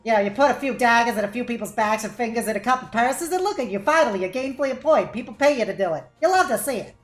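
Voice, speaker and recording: A woman voicing a crude, fast-talking male street rogue who swears constantly. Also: on the high side, lively intonation, reverberant, soft background music, lightly acted. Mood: boastful. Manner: brash, swears constantly, slangy.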